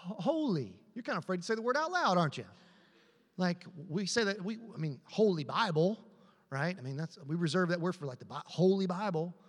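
A man's voice: high-pitched, expressive, a little fast, in a large hall. A man pastor preaching a sermon with emphatic repetition, asking the congregation to answer back. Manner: emphatic, repetitive preaching with call-and-response questions. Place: church auditorium.

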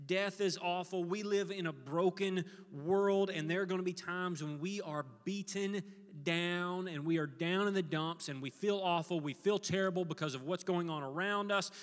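A man's voice: high voice, moderate pace, big-room sound. A man preaching an earnest sermon as pastor, leading his congregation to repeat a verse with him. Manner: earnest, leads congregation in call-and-response.

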